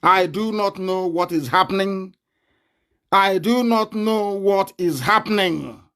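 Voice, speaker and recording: A man with a Nigerian accent giving a combative live online broadcast, laughing often and breaking into shouts. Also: high-pitched, slow, clean tone.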